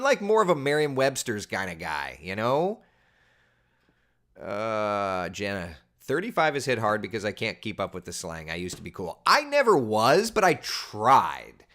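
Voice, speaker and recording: A man, chatting casually as a weather host and reading out viewer comments with animated, incredulous asides. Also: fairly low pitch. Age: 30s.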